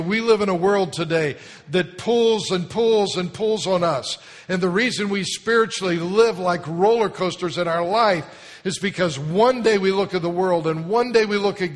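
A man with a notably high voice delivers an emphatic sermon from a church sanctuary. He leads the congregation to say phrases back to him. A long reverb trails each line through the hall. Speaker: pastor.

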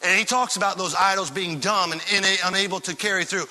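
A male pastor with a high, ringing, very bright voice preaches with fiery enthusiasm, stacking one rhetorical question on the next. The sound carries the long reverb of a large church hall. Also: steady tone, fast talker. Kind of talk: sermon. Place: church sanctuary.

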